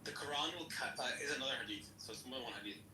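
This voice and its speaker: A man's voice: medium pitch, rapid-fire, echoey room, noisy background. A man hosting a casual online debate, mocking and joking as he reads texts aloud.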